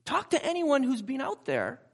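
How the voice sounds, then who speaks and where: High, lively-voiced male preacher. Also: moderate pace. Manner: asks the audience rhetorical questions; conversational, personal asides. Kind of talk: sermon.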